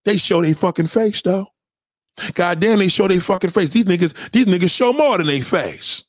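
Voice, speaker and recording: A man's voice: high voice, normal speed, dry recording, clean studio sound. A man hosting a livestream, ranting at his live chat in a profane, combative way, often repeating himself. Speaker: livestream host. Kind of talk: unscripted rant to a live chat.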